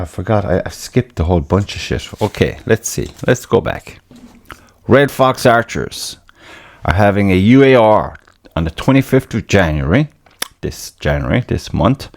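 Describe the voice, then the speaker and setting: A low-voiced Irish man talks loosely on his own podcast. He rambles, drops curses constantly and mocks his own failures with a laugh. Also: a little mellow, no echo. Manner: swears a lot, self-mocking, laughs at himself. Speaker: podcast host. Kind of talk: casual rambling monologue.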